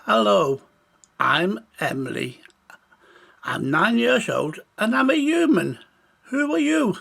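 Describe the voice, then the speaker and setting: Man doing a scared little girl, pleading, high and gravelly, storybook. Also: big pitch swings, slow, a bit bright, full character voice. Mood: friendly. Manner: pleading, breathless. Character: nine-year-old human girl, frightened then kind.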